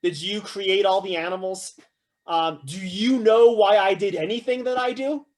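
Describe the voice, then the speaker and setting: A man giving a casual, animated philosophy lecture to a class, often checking in with "right?" and acting out quotes with humor. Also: sits high, moderate pace. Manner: acts out quoted voices with humor.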